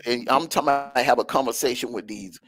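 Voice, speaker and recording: A man's voice: medium pitch, quick pace, a bit bright, rough recording. Emphatic Southern man on a stream. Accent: Southern US, Georgia. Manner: emphatic, repeats key lines. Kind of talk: casual chat on a live stream. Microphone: video call.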